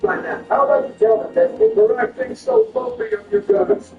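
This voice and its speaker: A man performing a comedic skit over gameplay, switching between a deep bossy voice and high whiny ones. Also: normal speed, creaky. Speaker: gaming video creator. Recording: roomy, distant, dull sound with faint music.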